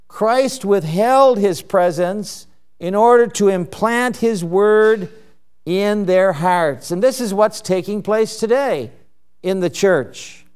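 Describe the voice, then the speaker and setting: A man's voice: high-pitched, darkish tone, clean tone. A man preaching an expository sermon, reading scripture and explaining it with rhetorical questions.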